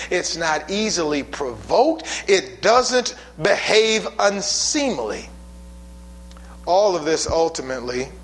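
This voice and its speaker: High-voiced man preaching with dramatic swings. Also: slight background noise, poor audio. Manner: dramatic, swings from loud emphatic bursts to low quiet asides. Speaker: pastor. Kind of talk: sermon.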